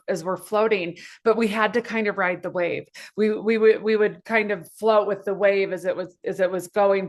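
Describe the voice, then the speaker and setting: Animated woman telling a story. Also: mid-range voice. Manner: animated, acts out quoted voices, many fillers and restarts. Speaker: guest speaker. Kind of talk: casual storytelling. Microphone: video call.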